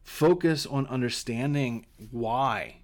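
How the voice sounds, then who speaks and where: A middle-aged man hosts a solo coaching podcast, explaining his points in an earnest, conversational way. He often repeats a word as he gets a phrase going. His voice sits at an ordinary middle pitch. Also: slow. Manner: earnest, repeats words when starting phrases.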